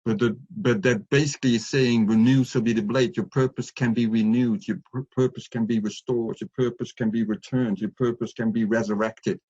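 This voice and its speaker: A middle-aged man, a life coach, telling his story earnestly in an interview, with reflective pauses and restarts. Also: mid-range voice, steady tone, darkish tone, breathy edge. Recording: muffled lo-fi audio.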